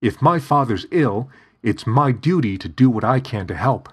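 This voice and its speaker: A man's voice: mid-range voice, expressive, normal speed, husky, pitched above the performer's own voice. A man voicing an earnest, determined young male student who speaks in an eager, pleading way.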